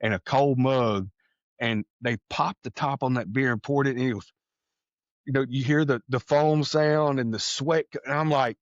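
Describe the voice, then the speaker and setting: A man from Texas telling a personal story on a podcast, animated, acting out the voices of people he quotes. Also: mid-range voice, moderate pace, no echo, dull audio. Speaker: podcast guest. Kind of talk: casual storytelling.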